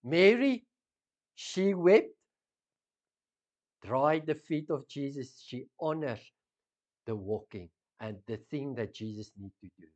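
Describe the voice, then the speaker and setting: Slow, impassioned South African preacher. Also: male voice, medium pitch, lo-fi sound. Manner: impassioned, swinging between loud emphasis and hushed intensity. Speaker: pastor. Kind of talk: sermon.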